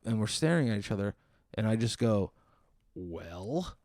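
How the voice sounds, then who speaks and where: A man with a fairly low, darkish voice tells a stand-up story at a quick pace, sarcastic and exasperated, acting out the people in it with quoted lines. The recording is studio quality with no echo.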